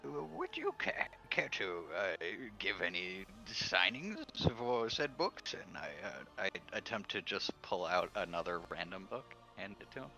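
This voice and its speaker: A man's voice: sits low, wildly swooping pitch, measured pace, creaky, hardly any pauses, bright, forceful tone, soft background music. A man playing a tabletop game, talking in a hesitant, stammering way. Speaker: player.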